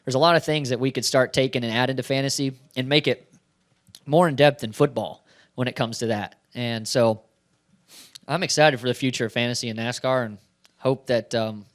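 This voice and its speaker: A man's voice: mid-range voice, steady tone, fairly quick. A man, a race car driver, answering questions at a press conference in a chatty storytelling way, acting out bits of dialogue.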